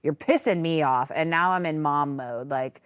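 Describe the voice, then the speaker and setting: A woman hosting a podcast, telling a work story in casual chat, animated and swearing freely, often laughing. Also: low-pitched, normal speed, clean tone, no echo, studio quality. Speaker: podcast host.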